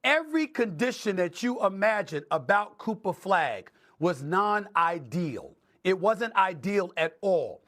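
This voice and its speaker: A man's voice: sits high, very animated, measured pace, hardly any pauses, fairly bright tone. A middle-aged man hosting a sports debate show, arguing emphatically and stacking points into lists for effect.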